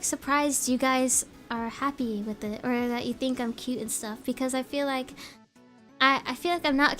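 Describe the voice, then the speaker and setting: A woman's voice: high-pitched, a bit bright. A young woman chatting on a live stream in a bubbly, giggly, rambling way. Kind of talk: casual live-stream chat.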